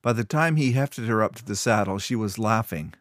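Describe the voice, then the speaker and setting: A man narrating a fantasy story in a steady storytelling read. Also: on the low side, fairly quick, no echo, studio quality. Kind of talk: scripted narration.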